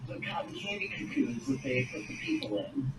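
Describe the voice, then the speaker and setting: A man's voice: high-pitched, huge pitch swings, normal speed. A man playing in a tabletop game, making jokes and wisecracks. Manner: joking, wisecracking. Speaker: player. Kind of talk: casual tabletop game chat. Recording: echoey room, distant mic, background noise.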